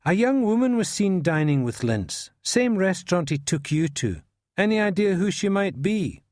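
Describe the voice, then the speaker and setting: A man's voice: sits high, very animated, moderate pace, a little mellow, dry recording. An actor playing a patient male detective who questions a suspect with dry, probing politeness. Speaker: police interrogator.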